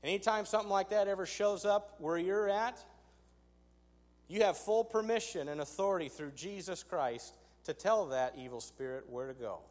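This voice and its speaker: A man's voice: sits high, moderate pace. A man preaching a sermon, conversational and emphatic, with rhetorical asides to his congregation. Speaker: pastor. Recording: long hall reverb.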